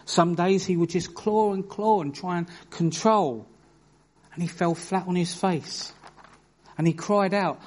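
A man preaching a sermon, his voice sitting a bit higher than most men's. He tells stories with earnest bursts of emphasis. He reads scripture in a steady, measured way.

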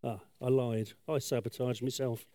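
A man's voice: mid-range voice, level tone, normal speed, warm tone, dry recording. A man telling a story while painting on a sketchboard, chatty and self-deprecating, with lots of asides. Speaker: children's talk storyteller.

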